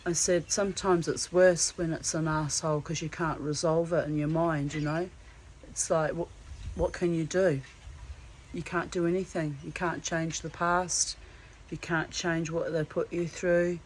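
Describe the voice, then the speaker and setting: A woman vlogger tells a personal story in a casual vlog, earthy and swearing freely, calling people darling. Her low-pitched voice barely moves in pitch and runs a little slow, and the low-quality recording carries faint background noise.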